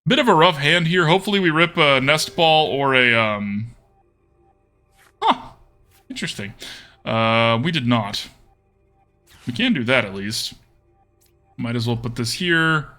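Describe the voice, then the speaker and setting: A man's voice: medium pitch, animated, a little slow, long pauses, bright, forceful tone, faint music behind. A man streaming a card game, thinking aloud about his plays and chatting casually with viewers.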